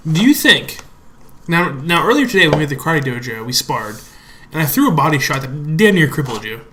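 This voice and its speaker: A man co-hosting a casual podcast, trading brash, teasing and profane banter. His voice sits fairly high and sounds bright and sharp, with faint background noise. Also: big pitch swings, brisk. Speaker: podcast co-host.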